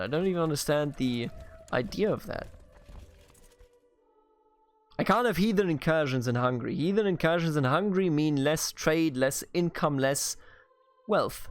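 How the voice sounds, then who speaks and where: A Bavarian man hosting a gaming video commentates a strategy game let's play in a fairly high, expressive voice at a moderate pace. He's playful and mock-grandiose, addressing the on-screen characters directly.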